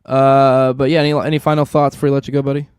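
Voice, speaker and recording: A man's voice: mid-range voice, flat delivery, fast, darkish tone, clear, resonant tone, dry recording, studio quality. A man hosting a podcast, tired and sniffly, easygoing as he chats and plugs the show. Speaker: podcast host. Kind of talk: casual chat and show sign-off.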